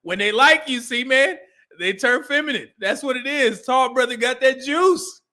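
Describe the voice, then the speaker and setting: Bright high-voiced man reacting casually. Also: normal speed. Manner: laughing, chatty, talks to the screen. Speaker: reaction streamer.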